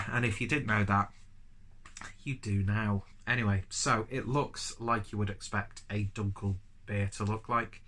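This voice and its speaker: A man's voice: fairly low pitch, fairly even intonation, measured pace, sharp tone, a little hiss or hum. A man with a cold and a stuffy nose, reviewing a beer in a rambling, chatty, self-deprecating way. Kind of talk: casual review vlog.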